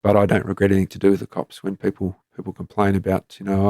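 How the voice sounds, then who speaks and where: Fast and completely flat, this low, dark male voice comes through a dry studio-quality recording. The speaker is a guest, a retired police commander in his fifties with an Australian accent, sharing candid stories in plain conversational style.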